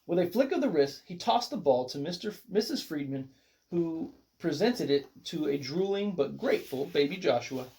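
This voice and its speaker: A reader narrates a children's picture book aloud. The delivery rises and falls a great deal, keeping the story lively and expressive. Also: mid-range voice, normal speed.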